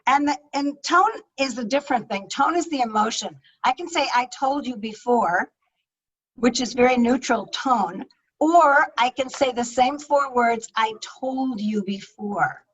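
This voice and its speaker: Energetic woman coaching over a video call. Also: high voice, a little slow, muffled recording. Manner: energetic, emphatic, conversational. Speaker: speaking coach. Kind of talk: webinar talk on public speaking. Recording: distant-sounding video call audio.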